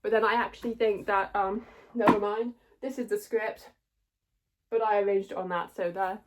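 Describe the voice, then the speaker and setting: A woman's voice: medium pitch, fairly even intonation, normal speed, very noisy. A young woman giving a casual, rambling spoken review, often correcting herself and trailing off. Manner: rambling, self-correcting, chatty. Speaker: theatre reviewer.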